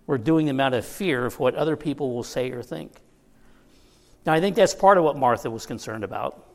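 A male pastor preaching a sermon in a relaxed, conversational way, slipping joking asides to the listeners between points. His voice sits a little above the usual male range. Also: a little high.

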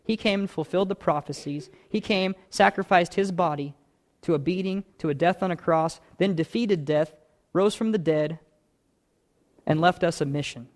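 A man's voice: high-pitched, normal speed, darkish tone. A man preaching a sermon as pastor, earnest, stacking repeated phrases that build in intensity.

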